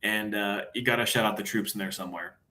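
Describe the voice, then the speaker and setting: A young man co-hosting a casual sports chat show, upbeat and laid-back as he runs quickly through his picks. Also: on the low side, fairly even intonation, bright, forceful tone.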